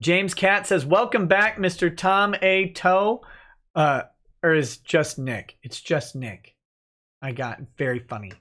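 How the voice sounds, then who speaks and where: Relaxed man reading viewer comments. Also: high-pitched, unhurried. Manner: relaxed and joking, with frequent "uh" fillers. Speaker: lawyer and livestream host. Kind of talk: casual livestream chat, reading viewer comments aloud.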